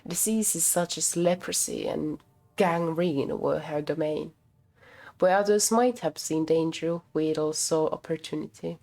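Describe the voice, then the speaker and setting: A woman's voice: sits low, measured pace, dark tone. A woman streamer reading a story aloud, often slipping over words, restarting and laughing at herself. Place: home streaming setup.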